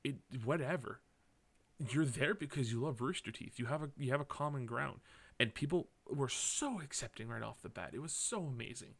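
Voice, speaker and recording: A man's voice: medium pitch, expressive, normal speed, creaky, a bit bright. A man from Canada hosting a solo podcast, drinking as he talks, rambling casually, correcting himself and swearing now and then. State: drinking while talking. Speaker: podcast host.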